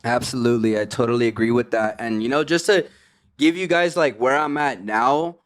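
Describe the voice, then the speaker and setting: A man's voice: medium pitch, a little fast, clean tone. A man, a podcast guest in recovery, telling his story in casual slang, full of "like" and "you know what I mean".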